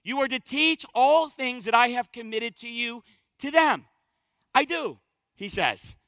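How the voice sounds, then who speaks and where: High, bright-voiced energetic preacher man. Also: a little slow, dry recording. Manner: energetic preaching with emphatic, punchy repetition. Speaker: pastor. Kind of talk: sermon.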